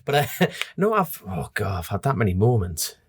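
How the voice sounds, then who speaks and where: A man's voice: fairly low pitch, normal speed, breathy edge, no echo, clean studio sound. Chatty North East English man. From North East England. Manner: animated storytelling, laughs often. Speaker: podcast guest, road racer. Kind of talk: casual chat.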